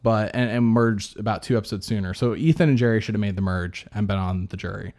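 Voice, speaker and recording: A man's voice: lowish voice, quick pace, darkish tone. Rambling male podcast host. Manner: rambling, many fillers and restarts. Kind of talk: casual chat.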